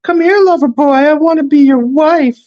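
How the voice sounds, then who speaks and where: A man doing a shrill mock-girly falsetto. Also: normal speed, a little mellow. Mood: mocking swoon. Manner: shrill, smothering, teasing. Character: teenage boy mocking in a girly falsetto. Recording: dull lo-fi recording.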